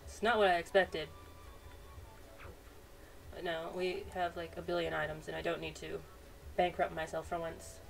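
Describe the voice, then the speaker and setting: A woman's voice: fairly low pitch, level tone, normal speed, vocal fry, long pauses. A woman hosting a let's-play, commenting in a playful, chatty way. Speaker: gaming channel host. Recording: distant mic, faint noise.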